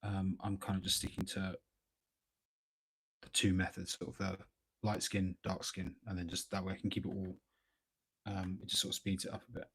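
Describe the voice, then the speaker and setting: A man giving relaxed, rambling commentary while painting miniatures live, thinking aloud with lots of fillers. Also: low voice, moderate pace, breathy edge. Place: at a hobby desk at home.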